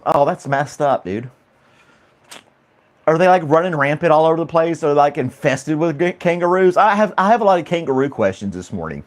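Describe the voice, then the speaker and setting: A man's voice: a little high, lively intonation, fairly quick. A man hosting a casual chat stream, laughing often and rambling through questions to his viewers. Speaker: livestream host reading chat.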